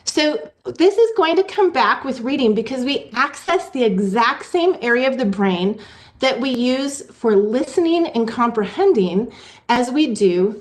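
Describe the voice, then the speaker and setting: A woman giving a presentation to a virtual meeting, teaching reading skills in a clear, teacherly way and sounding out letters slowly. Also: a little high. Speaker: literacy presenter. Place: online meeting.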